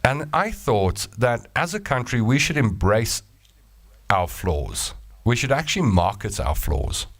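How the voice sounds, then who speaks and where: A man's voice: mid-range voice, big pitch swings, a little slow, no echo. A South African man hosting a casual solo chat show, reading out listener messages with a playful, joking, rambling manner. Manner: playful and jokey, rambling asides.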